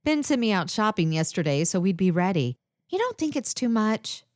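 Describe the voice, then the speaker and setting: A woman's voice: mid-range voice, sing-song, normal speed, dry recording, studio quality, lightly acted. A woman voicing nervous heroine Dee. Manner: nervous, self-doubting. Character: young woman, anxious first-time undercover agent.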